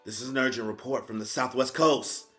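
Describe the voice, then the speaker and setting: A man's voice: mid-range voice, brisk, bright, forceful tone, lightly acted. A man voicing a soldier delivering an urgent report as he reads a comic aloud, over faint background music. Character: male soldier reporting an emergency.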